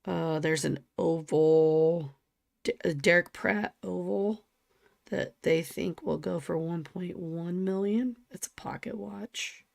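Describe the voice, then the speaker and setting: A woman co-hosting a casual livestream, talking slowly and often dropping into a soft near-whisper. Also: on the low side, vocal fry, no echo, clean studio sound. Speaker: livestream co-host.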